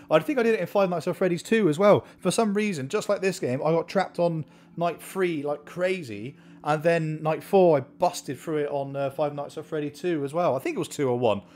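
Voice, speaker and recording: A young man commentates on a horror game in a voice that sits a little higher than most men's. He talks in an excitable, chatty way and mutters repeated counts under his breath as he plays. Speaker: gameplay commentator.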